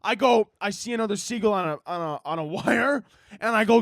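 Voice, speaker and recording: Male podcast host, high-pitched voice, dry close sound, rambling profane comic rants. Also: fairly quick, no room sound. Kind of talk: comedic rant monologue.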